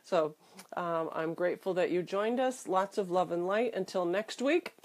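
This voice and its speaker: A woman with a cold, her voice nasal and congested, hosting a motivational video and talking to the viewer in a soft, encouraging way with pauses. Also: fairly low pitch. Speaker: host of a self-help video show. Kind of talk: gentle motivational talk to camera.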